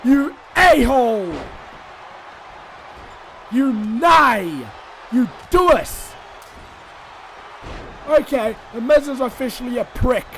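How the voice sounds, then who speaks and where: High, excitable man shouting game commentary. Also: slight background noise. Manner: excitable and shouty, swinging between rants and mock outrage. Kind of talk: excited solo commentary over a wrestling video game.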